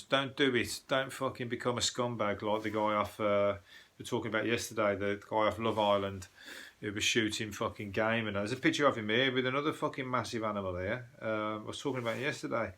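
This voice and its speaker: A man's voice: lowish voice, pushed and bright. A man hosting a podcast, ranting through the news in a rambling, profane comic style. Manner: sweary, rambling, puts on quick voices for people he mocks. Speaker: podcast host.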